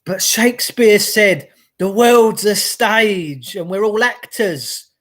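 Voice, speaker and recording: A middle-aged vlogger takes it slowly, his high-pitched voice a bit bright. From home near a log burner, he greets viewers on a casual livestream and launches into a passionate, chatty rant.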